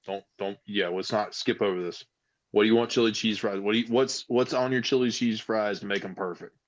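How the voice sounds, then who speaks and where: A man's voice: fairly low pitch, steady tone, brisk. Teasing podcast co-host man, muffled. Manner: teasing, pushes the guest with follow-up questions. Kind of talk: casual podcast chat.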